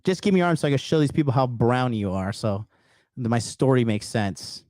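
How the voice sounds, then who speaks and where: A man's voice: medium pitch, lively intonation, fairly quick, darkish tone, no echo, clean studio sound. A man hosting a call-in show, delivering a blunt, profane, heated rant. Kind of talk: casual ranting monologue.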